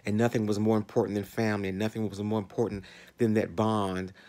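A man in his sixties with a Southern US accent, talking slowly and reflectively to his channel viewers with many fillers and restarts. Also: fairly low pitch, flat delivery, darkish tone. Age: 60s. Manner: slow, rambling, with fillers and restarts. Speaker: vlogger. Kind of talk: reflective talk to camera.

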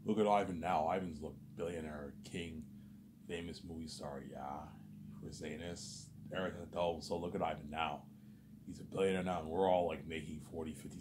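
Low deep-voiced guy rambling on his vlog, keeps saying obviously and man, swears a lot, faint background hiss. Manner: repetitive, peppers speech with "obviously" and "man"; agitated, swears often. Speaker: vlogger. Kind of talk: rambling monologue.

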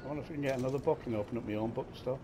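A man's voice: mid-range voice, racing, background noise. A man commentating his gameplay and swearing crudely as he jokes at game characters.

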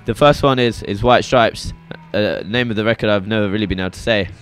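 Young man, low voice, rambling casual chat, faint music behind. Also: brisk, fairly bright tone. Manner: rambling, hesitant, full of restarts. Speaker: shop visitor sharing records. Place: record shop in a venue.

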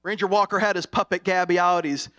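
A middle-aged man preaching an impassioned sermon, going from hushed to shouting. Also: sits high, fairly even intonation, fast talker. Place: college chapel.

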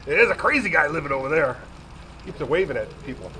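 A retired man in his sixties rambles to viewers in a relaxed, chatty way, with lots of asides. His voice sits a little high for a man. He is recorded on a nearby camera in a home kitchen, with faint noise behind him. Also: fast talker, low-quality recording. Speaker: vlogger. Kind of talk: casual home cooking vlog.

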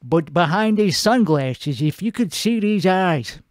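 A man's voice: sits high, expressive, measured pace, no echo, clean studio sound. A man hosting a comedy show, putting on an Italian-American accent, with a profane, rambling, self-mocking monologue recorded at home at night. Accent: put-on Italian-American.

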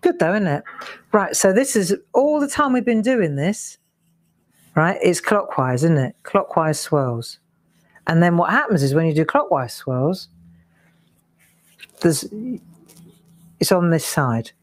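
A woman's voice: on the low side, expressive, measured pace, long pauses. A woman leading a live craft demonstration, chatting and counting strokes aloud as she draws. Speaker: craft tutor. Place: home craft studio.

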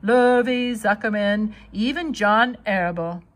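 A woman's voice: medium pitch, measured pace, close to an everyday voice. A woman voicing a gloomy, blunt old female sheep who delivers bad news matter-of-factly. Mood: grim.

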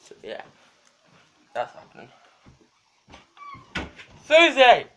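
A young man vlogging casually, swearing freely and laughing often as he gives an excited running commentary outdoors. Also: mid-range voice, measured pace, slight background noise. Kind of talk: casual profane vlog chatter. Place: outdoors behind a house.

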